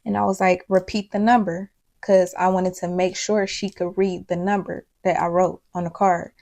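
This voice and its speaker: A young woman tells her viewers a personal story. Her voice is gravelly, and her delivery is rambling and emotional. She keeps to a casual, chatty tone. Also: fairly low pitch, flat delivery, normal speed, darkish tone. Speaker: storyteller vlogger.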